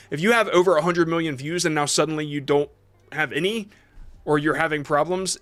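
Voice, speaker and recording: Livestream host, male, slightly higher voice, off-the-cuff answers full of ums and restarts, faint music underneath. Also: sharp tone. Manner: reads chat questions aloud and answers off the cuff, many fillers and restarts. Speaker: livestream host reviewing shorts. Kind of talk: casual livestream Q&A.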